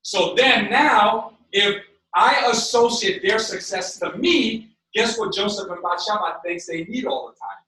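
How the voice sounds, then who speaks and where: A man giving a live sales training seminar, energetic, checking in with his audience and acting out conversations. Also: high voice, measured pace. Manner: acts out dialogue with quoted voices. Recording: echoey room, mic far off.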